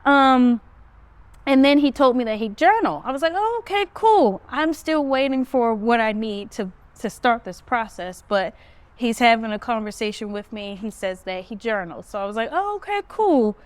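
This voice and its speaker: Smooth-voiced woman telling a story. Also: normal speed. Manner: animated retelling, pitch jumps up when quoting herself. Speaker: podcast host. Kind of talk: casual storytelling. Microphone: phone.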